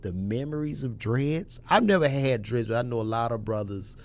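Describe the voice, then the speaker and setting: A young man, hosting a casual podcast chat and telling stories in an animated, profane way. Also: normal speed. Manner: animated storyteller, acts out voices with loud jumps in pitch, profane.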